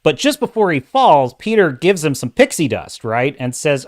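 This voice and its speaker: Male livestream host, casual movie rant, sarcastic and animated. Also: a little high, normal speed, hardly any pauses. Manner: sarcastic, animated, swears, interrupts himself. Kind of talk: casual ranting movie review.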